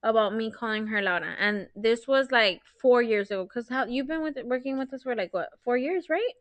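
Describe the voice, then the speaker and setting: A woman in her thirties, co-hosting a casual podcast chat, telling stories in an animated way and swearing freely. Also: fairly high pitch, fairly quick, no echo. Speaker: podcast co-host.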